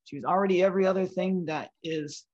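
A woman with a breathy, weak voice, talking frankly as a guest in a casual interview. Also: fairly low pitch, quick pace, darkish tone, lo-fi sound. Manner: frank, talks in restarts and lists. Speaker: comedian guest.

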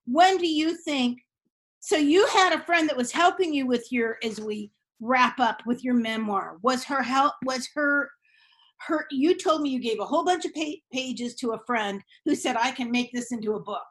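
A middle-aged woman hosts a podcast in relaxed, animated conversation. Her voice sits high, and she laughs easily as she talks. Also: normal speed, rough recording. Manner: chatty, animated, laughs often. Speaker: podcast host. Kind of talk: casual chat.

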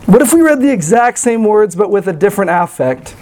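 A man's voice: high voice, sing-song, fairly quick, a little mellow, low-quality recording. A man preaching a sermon in an earnest, conversational way, with light self-deprecating humor. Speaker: pastor.

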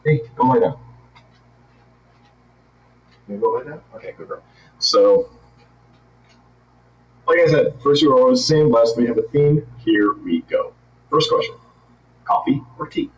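Male host, playful and laughing easily, lively delivery, echoey room. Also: mid-range voice, unhurried, pauses often, far from the mic. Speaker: podcast host. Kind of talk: casual interview chat.

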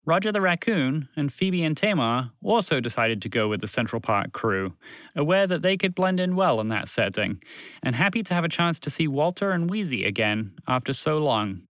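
Animated male storyteller, dry sound. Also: a little high, normal speed, no room sound. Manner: animated, expressive reading. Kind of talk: scripted children's story narration.

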